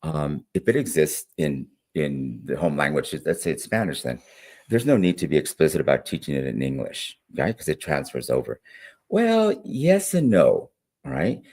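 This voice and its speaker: A man with a low, deep voice talks through classroom teaching in a relaxed interview. His delivery is animated, rising and falling widely as he demonstrates sounds and checks in with "right?" and "all right?". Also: moderate pace. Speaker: guest literacy educator. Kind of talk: conversational interview.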